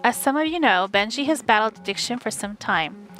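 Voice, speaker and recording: A woman reading an audiobook, voicing a pushy, self-absorbed rich young woman in a slow drawl. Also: fairly high pitch, animated, fairly bright tone, faint music behind, poor audio.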